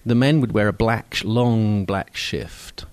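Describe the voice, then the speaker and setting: A man's voice: lowish voice, unhurried, no room sound. An older man from Scotland with a received pronunciation accent, telling a personal story at a microphone in a wry, digressive, self-mocking way with many fillers. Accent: received pronunciation English. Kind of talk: storytelling talk. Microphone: microphone on stage.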